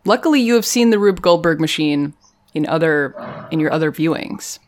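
A woman co-hosting a podcast, chatting casually about a TV episode, animated and laughing often. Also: deep voice, normal speed. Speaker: podcast co-host. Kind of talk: casual chat recapping a TV episode.

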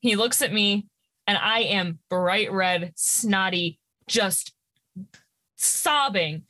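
A woman hosting a casual chat, telling stories in a lively way. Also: mid-range voice, slow pace, no room sound. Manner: lively storyteller. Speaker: host.

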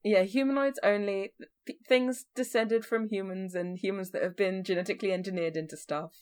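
A woman's voice: medium pitch, fairly even intonation, a little fast, darkish tone, smooth. A woman co-hosting a podcast, chatting casually about a book with a joking, playfully sarcastic manner. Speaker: podcast co-host. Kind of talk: casual book-club chat.

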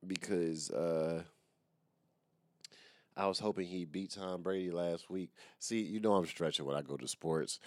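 Young male podcaster, very deep voice, dry close sound, loose profane self-mocking solo rant. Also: unhurried, darkish tone, no echo. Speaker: podcast host. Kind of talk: casual solo podcast monologue.

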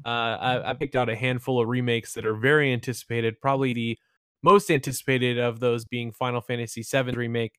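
A man's voice: mid-range voice, level tone, brisk, a bit bright, smooth, no room sound. Male podcast host, casual slangy chat, dry close sound. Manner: laid-back, slangy, says "bro" and "dude".

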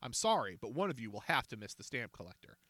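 A calm middle-aged police chief speaks firmly with a bright, dry tone, as a man reading a storybook voices him. His pitch still moves with life. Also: fast talker, no room sound. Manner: calm, firm.

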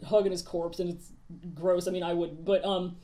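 A woman's voice: fairly low pitch, flat delivery, normal speed, dark tone. A woman co-hosting a casual chat, rambling and profane, often laughing as she recaps a show. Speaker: podcast co-host.

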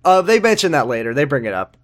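A man's voice: a little high, big pitch swings, fast. A man co-hosting a podcast, recapping a TV show in casual chat and dropping wry, sarcastic quips. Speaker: podcast co-host.

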